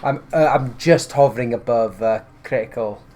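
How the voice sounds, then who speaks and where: A man playing a tabletop game, chatting casually and telling animated, joking stories. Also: mid-range voice, normal speed, slight background noise. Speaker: player.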